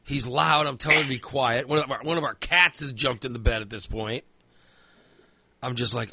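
Man, bright dry voice, rambling casual storyteller who swears a lot. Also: medium pitch, moderate pace, breathy edge, no room sound. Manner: rambling storyteller, filler-heavy, swears freely. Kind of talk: casual chat.

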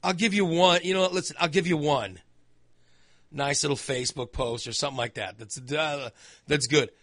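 Forceful, sarcastic ranting male host. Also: a little high, normal speed, no echo. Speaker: talk show host. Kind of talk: opinionated talk-show monologue.

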